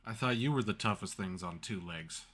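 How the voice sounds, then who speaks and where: A man's voice: on the low side, moderate pace, fairly bright tone, soft background music. A man playing a tabletop game who laughs often. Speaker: player. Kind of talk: casual tabletop game play.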